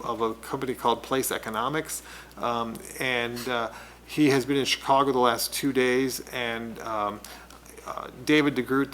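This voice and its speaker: A man on city staff giving a report at a public commission meeting, talking haltingly with many pauses and fillers. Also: medium pitch, fairly bright tone, slight background noise, poor audio. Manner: hesitant, many ums and restarts. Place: council meeting room.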